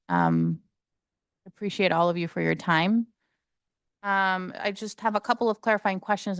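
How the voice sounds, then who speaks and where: Smooth woman with gravelly edges. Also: fairly low pitch, no echo, clean studio sound. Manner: polite, hesitant, many ums. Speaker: council member. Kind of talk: council meeting questions.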